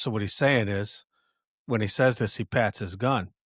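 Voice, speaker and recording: A man with a somewhat low voice walks through a film scene on his podcast, chatty and conversational. He stops and restarts often, correcting himself with fillers along the way. The sound is dry and close. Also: dry recording. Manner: halting, self-correcting, full of fillers. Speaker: podcast host. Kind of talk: casual retelling of a film scene.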